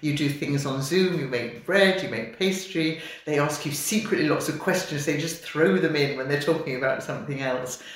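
An older woman, a retired midwife, speaks as an interview guest in a low voice at a moderate pace with hardly any pauses. She gushes warmly and laughs often while enthusiastically telling her story, in a very echoey room.

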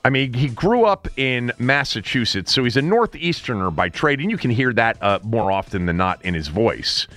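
A man's voice: mid-range voice, very animated, normal speed, hardly any pauses, fairly bright tone, faint music behind. A man hosting a sports talk show, chatting casually in a wry, joking way.

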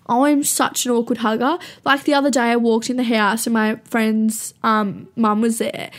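Young woman, high voice, casual storytelling, rambling, swears a lot, self-mocking. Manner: rambling, profane, self-mocking, laughs often.

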